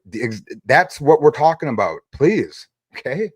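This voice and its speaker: A man hosting a casual livestream, reacting and joking loudly as he jumps between topics. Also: mid-range voice, expressive, fairly quick, hardly any pauses, dry recording, studio quality. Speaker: stream host reacting to another stream.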